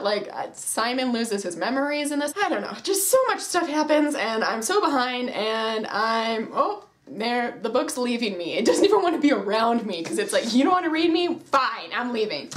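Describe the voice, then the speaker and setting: A woman's voice: on the high side, slight background noise. A young woman chatting casually as a book vlogger, gushing and self-deprecating, with a lot of "like". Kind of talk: casual chat.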